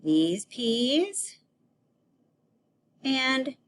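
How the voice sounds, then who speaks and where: A woman teaching a children's grammar lesson on video, playful and animated, acting out example sentences. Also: high voice, drawn-out words.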